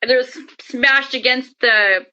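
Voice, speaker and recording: High-pitched woman telling her story, bright voice, lively, does all the voices, kinda muffled recording. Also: takes it slowly, clean tone. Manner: lively, acts out quoted dialogue. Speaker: interview guest, paranormal experiencer. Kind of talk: animated storytelling.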